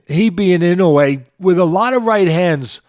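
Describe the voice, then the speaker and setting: A man's voice: high voice, lively intonation, a little slow, darkish tone, no echo, clean studio sound. A man in his sixties with a New York accent, breaking down a boxing match as a podcast host, emphatic and repeating phrases for emphasis. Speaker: boxing trainer and show host. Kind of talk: boxing analysis podcast talk.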